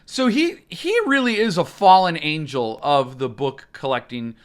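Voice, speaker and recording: A man's voice: a little high, expressive, measured pace. A man hosting a live stream, ranting in a rambling, mock-outraged way, and he breaks into sudden screams.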